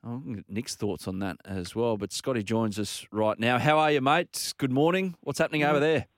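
A man's voice: medium pitch, moderate pace, no echo, clean studio sound. A man hosting a casual sports radio show, bantering with a chatty, joking manner.

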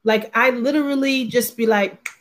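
A woman's voice: fairly high pitch, steady tone, normal speed. A woman talking bluntly and emphatically in a casual panel discussion, swearing freely and mimicking others' lines.

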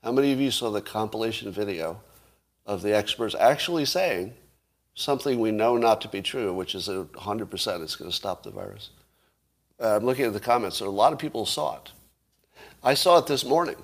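A man's voice: lowish voice, lively intonation, a little fast. A man hosting a casual livestream, arguing his point and throwing rhetorical questions at viewers, with the odd chuckle. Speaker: livestream host.

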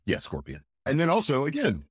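Speaking briskly in a husky mid-range voice with wildly swooping pitch, this voice actor chats as a guest in a relaxed interview. The recording is dry and studio-clean, and he's eager and emphatic, repeatedly dropping "again" and "right?" into his talk.

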